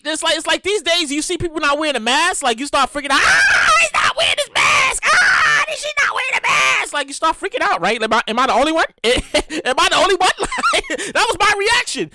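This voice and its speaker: Her voice sits high as she hosts her own podcast, swearing and ranting through a casual monologue like an animated storyteller. Background noise can be heard in the recording.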